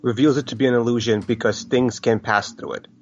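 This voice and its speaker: A man's voice: mid-range voice, fairly even intonation, brisk. Easygoing man on a dull lo-fi mic. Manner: easygoing, self-deprecating. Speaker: player. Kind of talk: casual tabletop game chat. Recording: dull lo-fi mic with faint noise.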